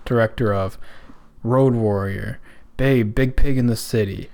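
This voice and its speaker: A man's voice: medium pitch, steady tone, measured pace, creaky, a little mellow. A man co-hosting a podcast in casual chat, enthusiastic and emphatic, with a lot of swearing. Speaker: podcast co-host.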